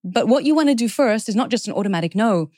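A woman's voice: fairly high pitch, lively intonation, fast, darkish tone, no room sound, clean studio sound. A woman guest in an interview, explaining her ideas earnestly and laying them out step by step. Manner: earnest, explanatory, lists points in steps. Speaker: guest author. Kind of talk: interview conversation.

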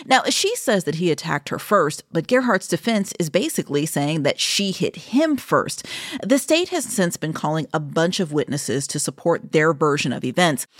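A woman hosting a true crime news podcast, reading her script in a clear, measured newsreader style. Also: deep voice, sing-song, no room sound, studio quality. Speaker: podcast host.

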